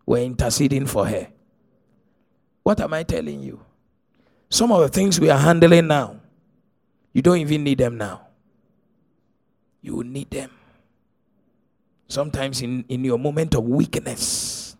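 A middle-aged man, preaching a sermon as pastor, telling stories and swinging from hushed to shouted. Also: fairly high pitch, animated, unhurried, creaky, pauses often.

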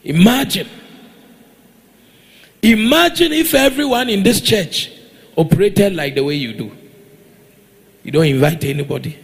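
High, lively Ghanaian pastor preaching. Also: male voice, a little slow, pauses often, slightly rough. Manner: exhorting, demands responses from the congregation, teasing. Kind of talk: sermon. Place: church.

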